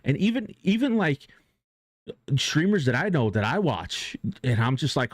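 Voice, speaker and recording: A man's voice: medium pitch, big pitch swings, a little slow, no echo, clean studio sound. A man streaming live who talks casually and earnestly about motivation, rambling with many restarts and fillers and swearing now and then.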